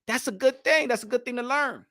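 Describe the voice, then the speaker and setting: High, bright-voiced New man ranting. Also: fairly quick. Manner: loose, profane street talk with restarts. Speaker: boxing podcast host. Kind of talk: casual rant.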